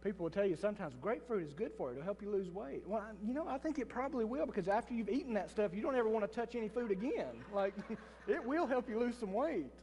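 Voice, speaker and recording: A pastor preaching a sermon in church, telling a story with restarts and asides to the congregation. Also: male voice, high voice, animated, quick pace, dark tone, big-room sound. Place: church sanctuary.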